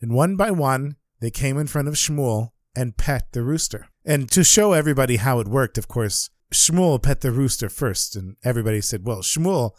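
A man tells an old folktale with a lively, swooping voice and plenty of acted expression. He sounds close to the mic in a dry, dead room. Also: medium pitch, normal speed, hardly any pauses, dry recording. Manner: animated, acts out characters. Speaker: storyteller. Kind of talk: oral folktale storytelling.

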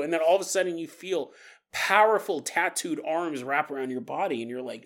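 A male podcast host with a high, bright voice tells an eerie story in a loose, casual way. He is animated and jokey and laughs often. His energy stays playful even on creepy details. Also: moderate pace.

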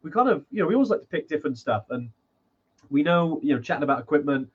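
A man's voice: on the high side, lively intonation, fast talker, husky, muffled recording. A man co-hosting a podcast in casual chat, rambling with lots of restarts and fillers. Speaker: podcast co-host.

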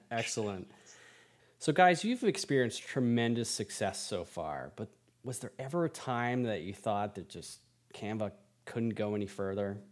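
A man's voice: lowish voice, expressive, measured pace. A man interviewing startup founders, asking questions in a jokey, teasing way.

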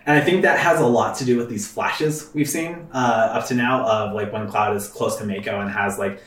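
A man's voice: mid-range voice, fairly even intonation, brisk, a bit bright, reverberant, distant mic. A man hosting a let's play, chatting casually with rambling fillers and swearing. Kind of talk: casual gaming commentary.

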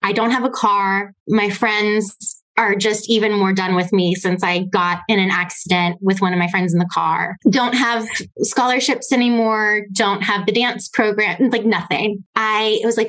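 A woman from Arizona speaks as a podcast guest, recounting her own story in a candid, conversational way. Her talk is loose and chatty, full of "like" fillers, and she slips small laughs in between phrases. Her voice sits in an ordinary middle pitch. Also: steady tone, measured pace, a bit bright, rough recording.

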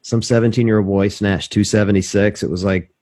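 A man with a lowish voice hosts a relaxed podcast chat over a video call. He rambles through long, self-deprecating stories and chuckles along the way. He is from Mississippi. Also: fairly quick. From Mississippi, USA. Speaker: podcast host. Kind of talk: casual interview chat.

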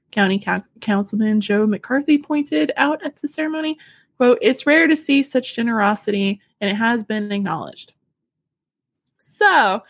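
A woman's voice: fairly high pitch, dry recording, studio quality. A woman co-hosting a podcast in casual chat, reading out a news story and getting emotional and giggly about it. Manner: warm, emotional and giggly, tears up easily. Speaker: podcast co-host.

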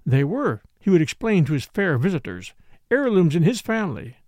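A man reading a novel aloud as an audiobook narrator, with expressive storytelling. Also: on the high side, moderate pace, no room sound. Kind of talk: scripted narration.

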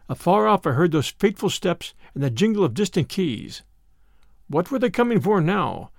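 A male audiobook narrator tells the tale in a slightly raised voice with a gravelly texture. His delivery is dramatic and expressive, recorded close on a studio mic in a dry space. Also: fairly high pitch, no room sound. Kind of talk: scripted narration.

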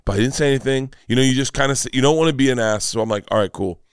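A man in his fifties tells a story as a podcast guest, his voice rising and falling as he gets carried away. He restarts his sentences often and talks in a loose, rambling way. His voice is at a middle pitch and sounds close and dry, with no room echo. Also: very fast, clear, resonant tone. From Florida, United States. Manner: animated, rambling, emotional storytelling with many restarts. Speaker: comedian guest.

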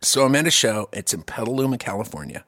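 A man telling a long story in casual chat, profane and animated, with quick asides and restarts. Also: fairly low pitch, no room sound.

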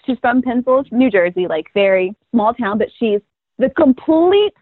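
A woman's voice: on the high side, expressive, normal speed, husky, dry recording. Bubbly young woman on a tinny line. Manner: bubbly, chatty, laughs often. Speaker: guest, first-year pro cheerleader. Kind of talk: casual interview storytelling. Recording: tinny phone-like line, dry.

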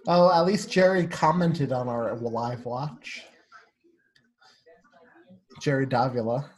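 A man co-hosting a casual movie commentary, enthusiastic and talking in quick bursts. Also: mid-range voice. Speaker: podcast co-host.

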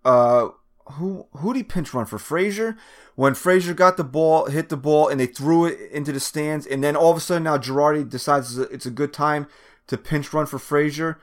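A man's voice: fairly high pitch, moderate pace. A man co-hosting a sports podcast in a rambling way that often trails off mid-thought. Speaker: podcast co-host. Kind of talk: casual sports chat.

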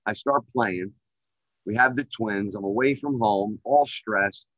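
A middle-aged man telling his story as a guest on a call, rambling and full of filler phrases, getting louder and more excited at the high points. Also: unhurried, dry recording, muffled recording. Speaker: guest, real estate developer. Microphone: remote call microphone.

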